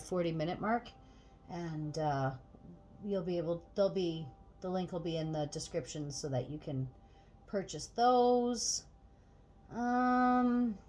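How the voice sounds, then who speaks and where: A woman chatting casually to viewers as she gets ready, swearing freely and getting animated when annoyed. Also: mid-range voice. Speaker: tarot reader and channel host. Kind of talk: casual get-ready-with-me chat.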